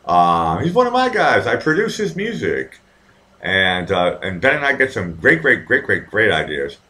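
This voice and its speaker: Profane, lively man rambling. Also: fairly low pitch, moderate pace. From Boston, USA. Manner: profane, rambling storyteller with many fillers and restarts. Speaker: livestream host reading viewer comments. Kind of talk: casual live-stream chat.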